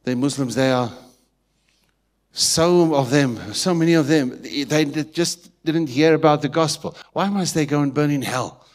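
A man with a South African Afrikaans-tinged accent preaching a sermon in church, swinging from hushed asides to loud emphatic lines and often asking if the congregation is with him. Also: fairly high pitch, unhurried. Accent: South African English, Afrikaans-influenced. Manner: keeps checking in with the congregation. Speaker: pastor.

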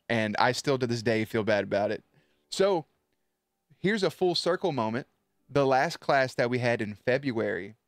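A man's voice: medium pitch, dry recording, clean studio sound. A man streaming live, chatting loosely and swearing as he tells a story to his viewers, with many restarts.

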